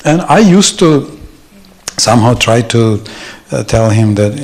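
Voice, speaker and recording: A man's voice: medium pitch, expressive, a little slow, long pauses, darkish tone. A man giving an informal, anecdotal devotional talk at a temple, chuckling often as he speaks. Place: temple hall.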